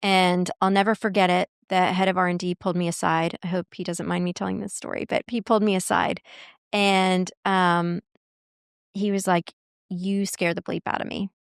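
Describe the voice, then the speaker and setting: A woman's voice: lowish voice, normal speed, creaky, smooth, no echo, clean studio sound. Woman telling stories in an interview. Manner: animated, acts out quoted dialogue. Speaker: guest, marketing executive and coach. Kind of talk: storytelling in a podcast interview.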